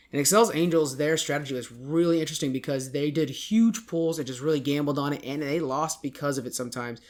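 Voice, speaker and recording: A man with a somewhat high voice hosts a casual gaming podcast. He rambles through results, often stopping to correct himself mid-sentence. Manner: rambling, self-correcting esports recap. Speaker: podcast host.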